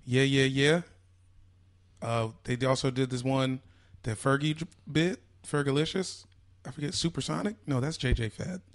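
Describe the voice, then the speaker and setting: A man co-hosts a podcast in loose, casual chat. He rambles, wanders into side topics and jokes around, in a voice of ordinary middle pitch. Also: steady tone, normal speed. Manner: rambling, goes off on tangents, jokey. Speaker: podcast co-host.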